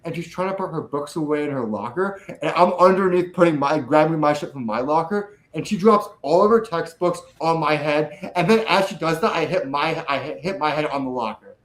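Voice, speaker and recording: A man's voice: a little high, fairly quick, few pauses, poor audio. A man in casual podcast chat, telling rambling stories with lots of laughter and swearing.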